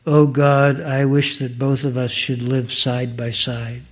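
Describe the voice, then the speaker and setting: A man's voice: mid-range voice, little pitch movement, slow. A man reading the lines of a humble young shepherd boy, in earnest, old-fashioned speech.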